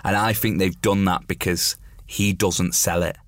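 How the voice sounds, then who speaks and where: A man's voice: low voice, fairly even intonation, a little slow, dry recording, studio quality. A man co-hosting a casual chat about a film musical, opinionated and full of restarts. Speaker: podcast co-host.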